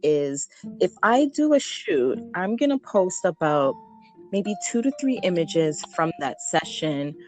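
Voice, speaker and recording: A young adult woman, a newborn photographer, chatting as a guest in a casual podcast interview, animated and laughing often, with frequent ums. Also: fairly low pitch, measured pace, faint music behind.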